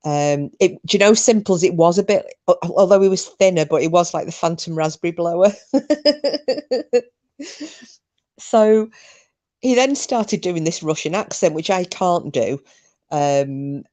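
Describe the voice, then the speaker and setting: A woman's voice: on the low side, a little slow, dark tone. A woman hosting a podcast, telling a story in a chatty, rambling way with frequent ums. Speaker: podcast host. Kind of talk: casual chat.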